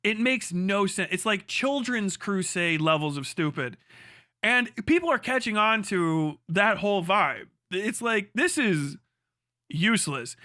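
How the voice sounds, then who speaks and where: Guy streamer ranting hard, swears a ton, sarcastic, highish voice, dry close mic. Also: animated, unhurried, sharp tone, no room sound. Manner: profane, heated and sarcastic. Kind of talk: livestream rant.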